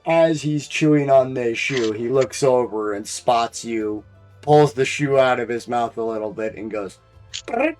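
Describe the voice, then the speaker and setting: A man narrating a tabletop game as game master in an unhurried, descriptive way with some hesitations. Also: medium pitch, a little mellow, soft background music.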